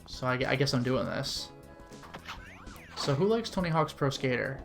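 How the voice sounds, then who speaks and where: A man's voice: mid-range voice, very animated, moderate pace, creaky, music in the background. A man giving casual, rambling commentary while streaming a game, peppered with fillers. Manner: chatty and rambling, with frequent "like" fillers.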